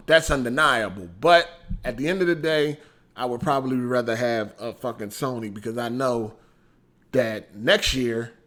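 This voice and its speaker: A man chatting casually on a gaming stream, animated and profane, laughing often and swinging from loud bursts to mumbles. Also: mid-range voice. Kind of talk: casual livestream chat.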